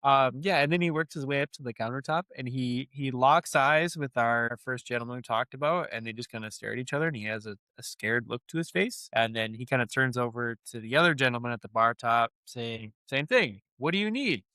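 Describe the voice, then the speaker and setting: A middle-aged man co-hosting a podcast, retelling a TV episode with lively jumps into the characters' voices. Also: medium pitch, brisk, few pauses, no room sound. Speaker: podcast co-host. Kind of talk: casual chat reviewing a TV episode.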